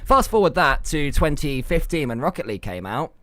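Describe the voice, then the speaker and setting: Podcast host, man, animated storyteller, very lively pitch, dry mic. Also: brisk, no echo. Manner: animated storyteller, bursts into shouts. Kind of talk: casual podcast chat.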